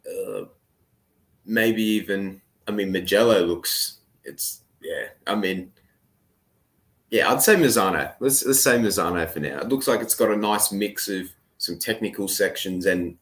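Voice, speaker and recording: An Australian man, a motorcycle racer, answering podcast questions in a relaxed, easygoing way. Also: low voice. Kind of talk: casual interview chat.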